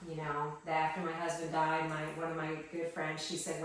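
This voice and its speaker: Woman telling her faith story: soft, halting, a bit low-pitched; heavy room echo, recorded from across the room. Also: little pitch movement. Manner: soft-spoken, halting, with many ums and restarts. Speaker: interviewee. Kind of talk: emotional personal testimony. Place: her small wooden chapel, indoors. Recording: echoey room from some distance.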